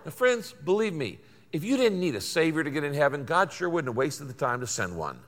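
Older pastor preaching in an echoing hall. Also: male voice, on the high side, big pitch swings, fairly quick, sharp tone. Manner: folksy storytelling, emphatic repetition. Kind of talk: sermon.

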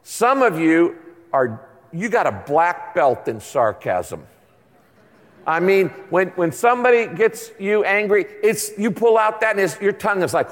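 A man's voice: sits high, big pitch swings, unhurried, a bit bright. A man in his sixties preaching a sermon as pastor, telling stories in a conversational, humorous way in a large church auditorium. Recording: long hall reverb.

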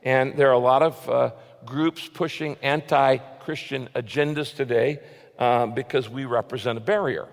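A man preaching a sermon as a pastor, with earnest emphasis, often dropping to a soft, low voice. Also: steady tone, normal speed, gravelly, in a large hall.

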